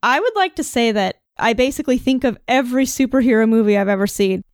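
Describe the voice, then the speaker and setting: Animated woman playing a tabletop game. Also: fairly high pitch, fast talker, smooth, dry recording, studio quality. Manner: animated, joking, narrates her character's actions. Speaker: player.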